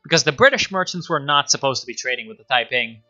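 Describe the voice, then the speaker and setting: Sardonic and rambling, a man discusses history during a live stream, using plenty of filler words. He talks fast and expressively in a very bright, sharp voice of medium pitch. Faint music sits beneath the dull, lo-fi audio.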